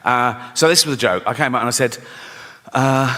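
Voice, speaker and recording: At a large live venue, a man with a mid-range, sharp-toned voice at moderate pace does conversational stand-up, telling stories, repeatedly asking the audience "right?" and acting out what people said. Live hall reverb and faint room noise are audible.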